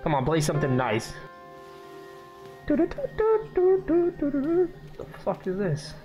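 A man giving casual, joking gameplay commentary, swearing and reacting loudly while he plays. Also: extremely high pitch, wildly swooping pitch, very slow, muffled recording. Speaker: gaming YouTuber. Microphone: scuffed mic. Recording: game music behind.

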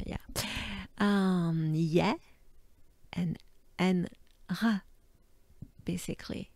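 A French woman with a French accent teaching pronunciation, drilling words slowly and often dropping to breathy whispered demonstrations. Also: lowish voice, warm tone, dry recording. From France. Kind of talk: slow pronunciation lesson.

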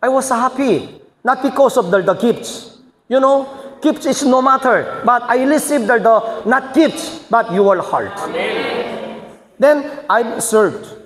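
A man's voice: very high voice, animated, slow pace, fairly bright tone. A man, a senior pastor, teaching church leaders in choppy, emphatic phrasing that rises into bursts. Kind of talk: teaching seminar sermon. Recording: echoey hall reverb.

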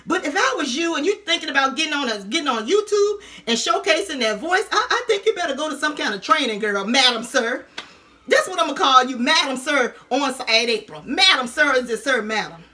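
Sassy high-voiced woman roasting on camera. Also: animated, sharp tone. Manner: sassy, taunting, drawn-out "honey" and "girl". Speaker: YouTube vlogger.

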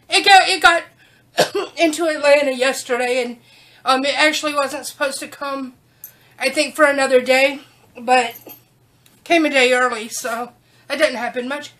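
A woman's voice: sits high, steady tone, normal speed, pushed and bright. A woman chatting casually while unboxing a package, breaking off to coax her dog. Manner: chatty, talks baby-talk to her dog. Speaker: unboxing vlogger.

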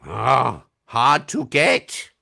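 A man's voice: medium pitch, sing-song, drawn-out words, creaky, bright, forceful tone. A man, a voice actor, chatting playfully on a livestream Q&A over a video call, laughing often and reading out fan comments. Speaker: voice actor answering fan questions. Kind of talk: casual livestream Q&A.

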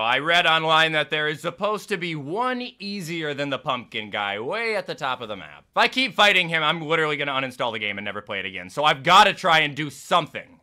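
A young man commenting on his own gameplay, swinging between shouted cursing outbursts and low muttered asides. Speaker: gaming YouTuber.

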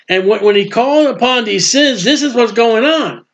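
A man preaching a sermon with emphasis, swinging between loud proclaiming and quiet asides. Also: high voice, lively intonation, moderate pace, hardly any pauses.

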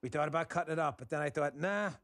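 With a fairly high, somewhat bright voice and a quick pace, a man from Texas hosts a gameplay show full of frustrated political talk. The recording has no echo, and his emphatic remarks often repeat.

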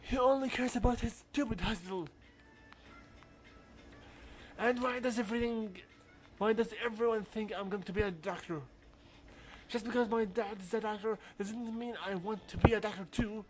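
Guy doing a nervy high-voiced schoolboy from a game, put-on accent, stammers a lot. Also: a little fast, lightly acted. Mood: frustrated, resolved. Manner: reads game dialogue aloud with a put-on accent, stumbling and stammering. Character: anxious teenage schoolboy in the music club. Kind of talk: reading game dialogue aloud.

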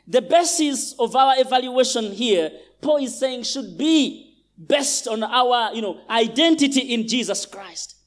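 A man's voice: very high-pitched, expressive, a little slow. A male pastor from Uganda preaching a sermon in a large church, emphatic and repeating phrases for stress.

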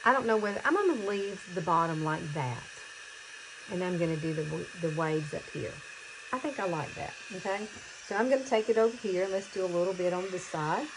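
Chatty excitable woman over fifty. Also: lowish voice, noisy background. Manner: chatty, excitable, talks to viewers as girlfriends. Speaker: beauty vlogger. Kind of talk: casual hair tutorial.

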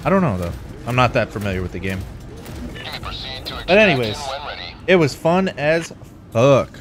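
A man hosting a casual co-op gaming session, laid-back and swearing, getting loud and excited at big moments. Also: medium pitch, moderate pace. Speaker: gaming channel host. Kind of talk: casual co-op gameplay chat. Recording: game music underneath.

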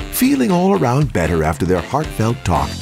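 A man reads a children's story aloud, his voice swooping widely from low to high in a sing-song way. There is a gravelly edge in the low notes. Soft music plays clearly behind him. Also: normal speed. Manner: warm, expressive, sing-song read-aloud.

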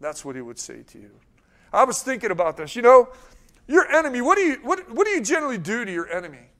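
A man's voice: extremely high pitch, sing-song, fast, a bit bright. A man preaching a sermon, repeating phrases urgently and reading scripture aloud with swelling emphasis. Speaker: pastor.

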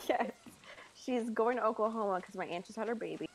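A woman's voice: a little high, a little fast, slight background noise. A woman chatting playfully with a friend during a game stream, teasing and joking. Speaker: co-host friend. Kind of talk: casual chat.

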